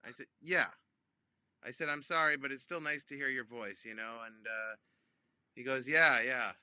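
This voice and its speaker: A comedian, a man, telling a funny phone-call story in an animated way, with many ums and restarts, acting out both sides. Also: medium pitch, normal speed, no echo. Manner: acts out both sides of phone calls with big voice jumps. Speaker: comedian guest.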